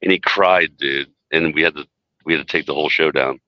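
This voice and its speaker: A man's voice: rumbling low, steady tone, brisk, no room sound, muffled recording. A man telling rambling stories in a casual podcast chat, full of "dude" and "like". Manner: rambling storyteller, says "dude" and "like" a lot.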